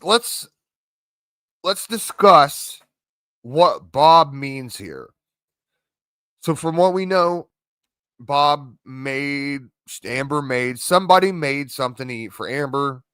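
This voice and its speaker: Male reaction host, bright, crisp delivery, casual and halting. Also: a little high, expressive, no room sound, clean studio sound. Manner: casual, halting, with many fillers. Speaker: commentary host. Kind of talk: reaction commentary.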